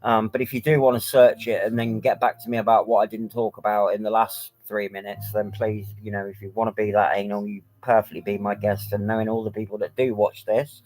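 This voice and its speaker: A man's voice: fairly low pitch, little pitch movement, brisk, hardly any pauses, a little mellow, low-quality recording. A man talking frankly to camera in a personal vlog, rambling with many filler ums. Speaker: vlogger.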